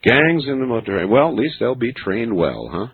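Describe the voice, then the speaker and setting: A man hosting a late-night call-in radio show, musing slowly with many fillers. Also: mid-range voice, big pitch swings, husky. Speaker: radio talk show host. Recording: narrow phone-like radio broadcast with faint hiss.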